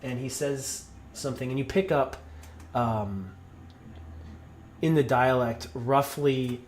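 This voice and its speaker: A man's voice: medium pitch, takes it slowly, slight background noise. A man narrating a tabletop game as game master, in a loose way full of ums and likes. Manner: loose, fillers like um and like.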